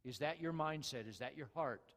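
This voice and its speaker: Animated male preacher in a reverberant hall. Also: mid-range voice, a little fast. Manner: animated, rhetorical questions to the congregation. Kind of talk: sermon.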